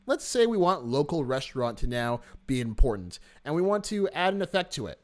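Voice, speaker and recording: A man teaching a software workshop, explaining step by step in a friendly, animated way and stressing key words. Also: medium pitch, fairly quick, few pauses. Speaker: workshop instructor. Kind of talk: screen-recorded software tutorial.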